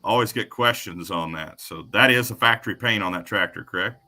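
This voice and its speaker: A man's voice: lowish voice, brisk, pushed and bright. A man from the Kentucky area hosting a casual livestream interview, easygoing and folksy. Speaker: livestream host.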